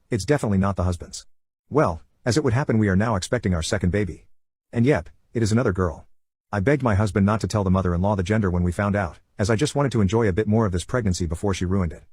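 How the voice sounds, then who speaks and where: A man narrating internet stories in a calm, scripted storytelling voice. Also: lowish voice, breathy edge, dry recording.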